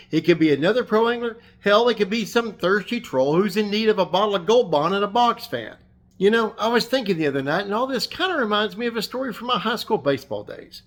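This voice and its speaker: A man's voice: high voice, a bit bright. A man hosting his fishing channel, delivering a sarcastic, combative rant and telling a story. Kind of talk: ranting vlog monologue and anecdote.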